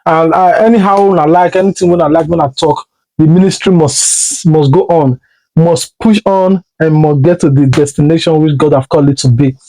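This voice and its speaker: A man's voice: on the high side, fairly even intonation, normal speed, dark tone, rough recording. A man with a Nigerian accent, earnestly explaining his own position to his viewers in casual commentary. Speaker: commentary vlogger.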